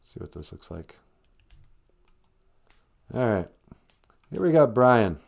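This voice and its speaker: A man's voice: medium pitch, big pitch swings, takes it slowly, vocal fry. A man hosting a live stream, retelling a film in a rambling, chatty way. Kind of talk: casual storytelling.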